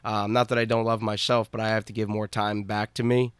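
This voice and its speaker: Young guy hosting his podcast, lowish smooth voice, dry close sound, lots of ums. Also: flat delivery, no room sound. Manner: laid-back, halting, many fillers. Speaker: podcast host. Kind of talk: casual podcast chat.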